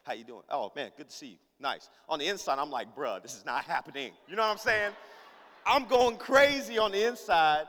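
Animated high-voiced pastor telling a story. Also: male voice, a little fast, in a large hall. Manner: animated, acts out every character in the story; casual slang-heavy delivery. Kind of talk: storytelling sermon.

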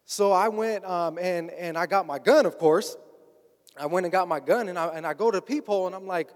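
A man's voice: high voice, brisk. A man telling a personal story in a conversational way, often slipping into quoted dialogue. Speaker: guest recounting his past. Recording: long hall reverb.

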